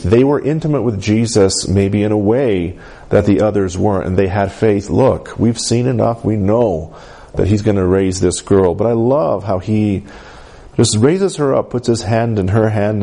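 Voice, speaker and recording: This man's sermon to his congregation is animated and punctuated by frequent calls of "Amen?" He lifts his voice and lets his pitch rise to emphasize key points.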